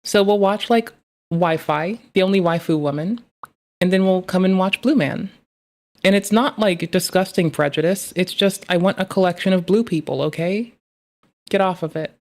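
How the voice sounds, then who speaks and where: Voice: medium pitch, normal speed. A streamer chatting casually while reacting to a video, rambling, joking and swearing freely. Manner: rambling, profane, playful. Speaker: live streamer.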